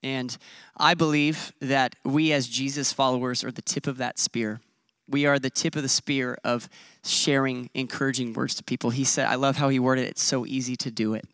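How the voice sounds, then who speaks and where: Pastor in his 30s giving a casual self-deprecating sermon, smooth clear voice, dry close sound. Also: mid-range voice, steady tone, moderate pace, fairly bright tone, no echo. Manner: conversational, self-deprecating preaching.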